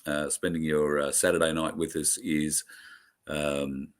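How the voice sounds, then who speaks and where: A man with a very low, deep voice thanks his audience. He speaks sincerely and emotionally. He stumbles through fillers and restarts as he goes. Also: level tone. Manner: halting, many fillers and restarts. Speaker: host. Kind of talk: heartfelt sign-off to viewers.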